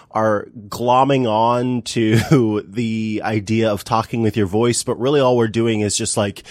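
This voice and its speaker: A man's voice: medium pitch, dry recording. Playful male podcast host, dry sound. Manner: playful, introduces guests and poses questions. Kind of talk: casual tech chat. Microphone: remote podcast microphone.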